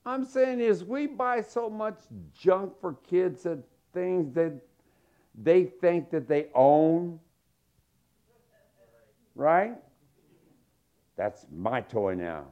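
A middle-aged man preaching a sermon, telling stories and acting out quotes with lively swings. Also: clear, resonant tone. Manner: animated storytelling with acted-out quotes and big pitch swings. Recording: dull lo-fi sound.

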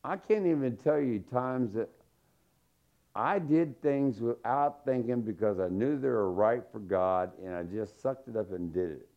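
A middle-aged man preaching a sermon, telling stories and acting out quotes with lively swings. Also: measured pace. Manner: animated storytelling with acted-out quotes and big pitch swings. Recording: dull lo-fi sound.

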